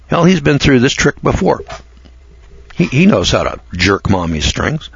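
Husky man ranting bluntly. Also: mid-range voice, sing-song, unhurried. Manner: rambling, blunt, mocking, repeats words. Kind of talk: opinionated monologue. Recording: dull lo-fi recording, dry.

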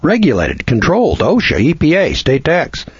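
A man's voice: a little high, wildly swooping pitch, normal speed, slightly rough, dry recording. A man giving a rambling lecture in a blunt, scornful manner, often restarting his sentences. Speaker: seminar lecturer. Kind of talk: folksy lecture. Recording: dull lo-fi recording.

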